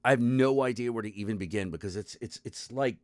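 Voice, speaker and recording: A man's voice: mid-range voice, quick pace, no echo, studio quality. A man hosting his own stream, ranting casually and profanely to his chat, rambling and exasperated with lots of restarts. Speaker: stream host.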